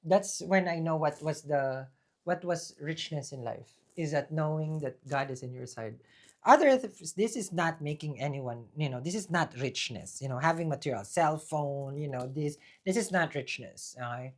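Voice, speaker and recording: A man giving a casual tarot reading. He rambles and restarts, speaks with a preaching tone about faith, and bursts into loud, emphatic talk. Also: on the high side, normal speed. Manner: rambling, with frequent fillers and restarts. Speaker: tarot reader. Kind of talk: casual spoken tarot reading with personal testimony.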